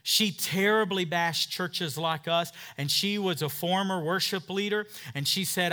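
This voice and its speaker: A man's voice: high-pitched, animated, normal speed, pushed and bright. A middle-aged male pastor preaching an emphatic sermon, calling for amens from the congregation. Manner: emphatic preaching with call-and-response.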